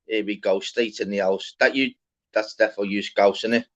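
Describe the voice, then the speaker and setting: On a dull, lo-fi stream, a livestream host chats casually in an open-panel format, trading slang and swearing. His voice sits on the low side, slightly bright, with fairly level intonation and a normal speed.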